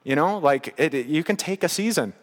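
A man's voice: fairly high pitch, expressive, a little fast, long reverb tail. A man preaching a sermon in a casual, conversational way, with bursts of emphasis. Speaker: pastor.

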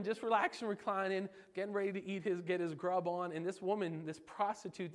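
A man delivers a casual, joking sermon, throwing questions at his listeners. His voice sits a little high for a man. A long reverb trails his words around the hall. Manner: animated, jokey, asks the audience questions. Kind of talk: informal sermon.

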